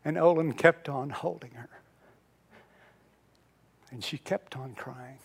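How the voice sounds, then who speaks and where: A male pastor telling stories in a conversational sermon, moving between loud emphasis and soft, almost whispered moments. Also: medium pitch, slow, gravelly, husky. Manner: conversational storytelling, swings from loud emphasis to hushed near-whisper.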